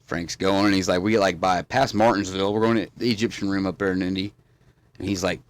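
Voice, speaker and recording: A man's voice: fairly low pitch, fast, dry recording. Man, casual podcast chat, rambling storyteller, dry sound. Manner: rambling storyteller, drawling, swears freely. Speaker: podcast host.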